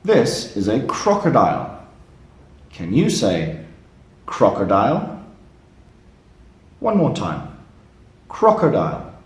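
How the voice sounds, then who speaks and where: A man teaching young children animal words from flashcards, with slow and encouraging repeat-after-me prompts. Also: mid-range voice, huge pitch swings. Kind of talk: slow flashcard lesson for kids. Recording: roomy echo.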